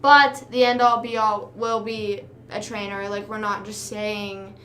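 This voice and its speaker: A woman's voice: mid-range voice, little pitch movement, measured pace, fairly bright tone, a little hiss or hum. A young woman streaming live, chatting casually and telling a rambling story with quoted back-and-forth while she games. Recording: roomy room with music playing.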